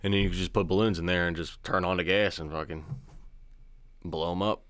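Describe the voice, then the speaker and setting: A man's voice: deep voice, steady tone, fairly quick, fairly bright tone, no room sound. A man co-hosting a casual podcast, playful and jokey, with a goofy patter when he presents a trivia segment. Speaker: podcast co-host. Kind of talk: casual chat.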